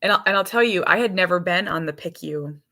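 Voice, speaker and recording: Bright-voiced woman chatting casually. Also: lowish voice, fast. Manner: chatty and rambling, with many restarts and fillers. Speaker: podcast host and mother. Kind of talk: casual chat.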